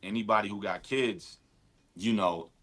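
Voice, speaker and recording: A man's voice: fairly low pitch, unhurried, a bit bright. A man, a guest rapper talking in a casual interview, laid-back and talkative with lots of "you know what I mean.". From Brooklyn, New York. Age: 40s.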